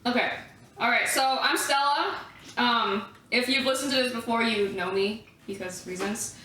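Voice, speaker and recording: A woman's voice: fairly high pitch, normal speed, sharp tone. A woman hosting a podcast in casual late-night chat, rambling with lots of fillers and swearing. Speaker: podcast host. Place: hotel room at a festival. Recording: echoey room, distant mic, faint noise.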